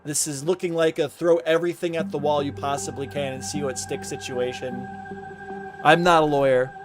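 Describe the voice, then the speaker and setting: A man's voice: on the high side, fairly even intonation, normal speed, over music. A man giving casual reaction commentary while reading a lawsuit aloud, exasperated and sarcastic, stumbling over the legal wording. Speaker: commentary YouTuber.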